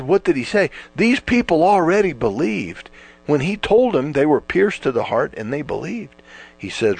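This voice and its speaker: Preacher, male, animated pitch, stretches words for emphasis, mains hum in the background. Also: normal speed, creaky, slightly rough. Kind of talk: sermon.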